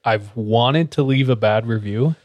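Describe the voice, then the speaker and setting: A man co-hosting a podcast in casual chat, with quick, jokey reactions. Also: medium pitch, a little mellow, dry recording, muffled recording. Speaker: podcast co-host.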